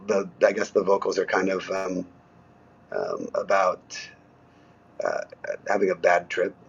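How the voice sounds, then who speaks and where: Husky low-voiced musician, halting and easygoing. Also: male voice, big pitch swings, lo-fi sound. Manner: halting, lots of ums, easygoing. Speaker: musician guest. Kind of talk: casual interview talk.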